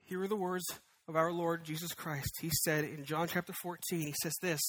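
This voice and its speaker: A man preaches a sermon, his voice set high. His tone is bright and forceful. He builds to loud, emphatic, repeated declarations. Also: fairly even intonation, normal speed. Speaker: pastor.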